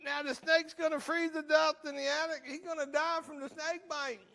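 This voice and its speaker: A middle-aged man hosting a recovery meeting in a jail, telling stories in a lively, joking, plainspoken way. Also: very high voice, moderate pace, creaky, heavy reverb, recorded from a distance. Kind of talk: motivational storytelling to inmates.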